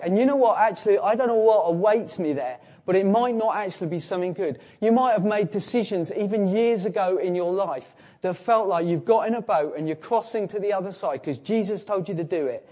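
Man, sermon, higher voice, animated, loud-to-hushed swings. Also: fairly quick, hardly any pauses. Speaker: preacher.

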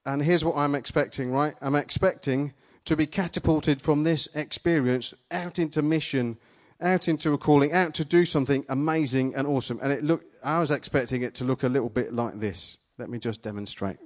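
At a church gathering with a live audience, a man preaches by retelling a vision in the first person. His mid-range voice moves fairly quickly with few pauses, starting out dramatic and becoming playful and energetic once he works with volunteers.

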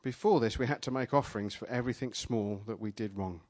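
A man preaching a sermon, retelling a vision in the first person, dramatic at first and then playful and energetic with volunteers in front of a live congregation. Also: mid-range voice, fast talker. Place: church gathering with a live audience.

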